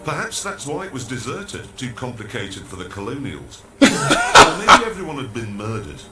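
A man's voice: medium pitch, huge pitch swings, normal speed, reverberant, loud music behind the voice. A man with an English accent, presenting on a motoring show in a sardonic, mocking manner. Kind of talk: scripted comic presenting.

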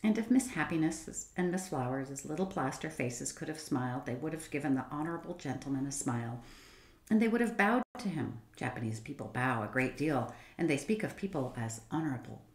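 Low-voiced woman reading a storybook. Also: animated, brisk. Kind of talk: reading a children's book aloud. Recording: roomy echo.

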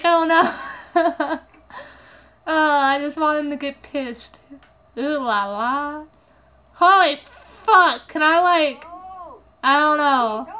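Recorded on a phone app, this woman's high-pitched game commentary is loose and excitable. She swears without restraint and keeps dissolving into giggly outbursts.

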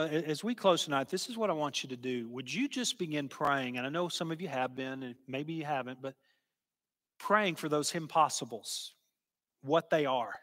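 Earnest male preacher in a reverberant hall. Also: fairly high pitch. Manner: earnest, slow and emphatic, dropping to a hush. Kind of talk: sermon storytelling.

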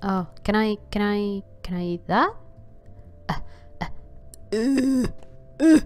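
A woman talks through a video game she is playing, in a casual commentary style. She speaks slowly at a middle pitch. She exclaims often and stammers filler sounds when the game goes badly. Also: lively intonation, darkish tone. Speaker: gameplay commentator.

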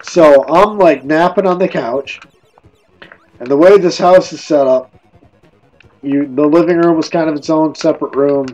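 A man's voice: fairly high pitch, moderate pace, long pauses, a little mellow, faint music behind, low-quality recording. Tipsy man rambling through a ghost story. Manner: rambling, with many restarts and "like". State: drunk. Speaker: streamer. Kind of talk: casual ghost storytelling while gaming.

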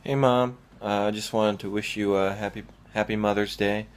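Deep-voiced young man, hesitant. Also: fairly even intonation, normal speed, a little hiss or hum. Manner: hesitant, lots of "uh". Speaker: son recording a message. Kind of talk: casual video message.

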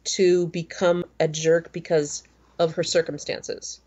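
A woman's voice: on the low side, level tone, slow, darkish tone, dull audio. A woman in her forties co-hosting a podcast, telling stories in a rambling, chatty way full of fillers. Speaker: podcast co-host. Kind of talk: casual chat.

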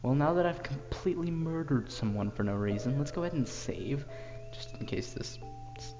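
A man hosting a joking let's play, animated and now and then dropping into a whisper. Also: mid-range voice, moderate pace, long reverb tail, muffled recording, over music. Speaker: gaming YouTuber.

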